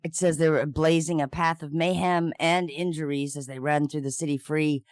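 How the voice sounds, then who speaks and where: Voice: medium pitch, steady tone, normal speed, smooth, no room sound, clean studio sound. A co-host bringing up odd news stories in casual chat, with wry humor. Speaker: podcast co-host.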